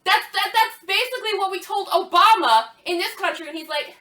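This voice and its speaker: High-pitched woman, bright sharp tone, profane mocking rant, echoey room. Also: fairly quick. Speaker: podcast co-host. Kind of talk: ranting commentary.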